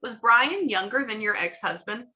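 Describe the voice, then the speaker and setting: A woman working as a psychic medium, chatting casually through a reading and retelling what she hears in quick bursts. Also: on the high side, animated, sharp tone, poor audio.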